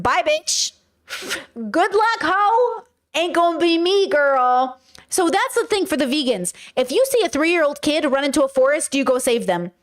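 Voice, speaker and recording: A young woman hosting a casual livestream, telling animated, profane stories and reading chat. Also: high voice. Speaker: streamer host.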